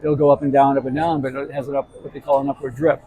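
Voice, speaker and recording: A man's voice: medium pitch, flat delivery, very fast, warm tone, low-quality recording. A man hosting a live gambling talk show, telling loose anecdotes with restarts and asides. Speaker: show host and gambling expert. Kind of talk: casual storytelling chat. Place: live show at a casino hotel.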